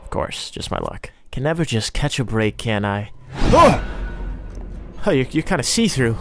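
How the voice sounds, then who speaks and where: A man's voice: medium pitch, lively intonation, fairly quick, music in the background. A young man narrating his own game role-play in a sarcastic, self-mocking running commentary. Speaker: role-play gaming creator.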